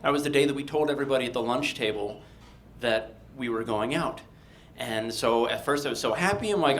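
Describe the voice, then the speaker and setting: A man from Delaware tells a personal story on stage, wry and animated, landing jokes with dry timing. His voice sits at a middle pitch. A faint low rumble hums underneath. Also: fast talker. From Delaware, USA. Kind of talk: live personal storytelling for an audience.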